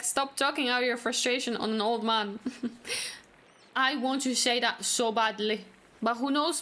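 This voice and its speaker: A woman's voice: fairly high pitch, fairly bright tone. Chatty, joking woman streamer. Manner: chatty, joking, laughs often. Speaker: gaming streamer. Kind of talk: casual let's-play commentary.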